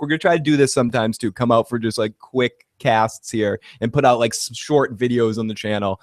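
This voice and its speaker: A man's voice: mid-range voice, no room sound. Man, casual review host, blunt, swearing, dry close sound. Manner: blunt, profane, animated opinions. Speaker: podcast host.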